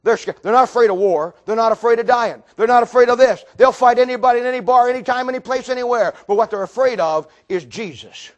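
An older man preaching a sermon with fervent, dramatic storytelling that swings from loud to hushed. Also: extremely high pitch, quick pace, hardly any pauses, highs cut off.

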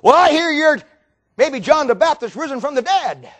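A man's voice: very high-pitched, lively intonation, moderate pace, fairly bright tone, pitched above the performer's own voice. A man preaching, putting on the voice of a proud king who mocks and taunts a silent prisoner. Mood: mocking. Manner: mocking, taunting.

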